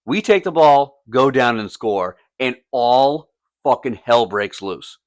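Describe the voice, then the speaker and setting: Speaking slowly and animatedly in a mid-range voice, a podcast co-host and youth soccer coach tells a story during a casual chat, swearing a lot and acting out quotes. The sound is studio quality with no room sound.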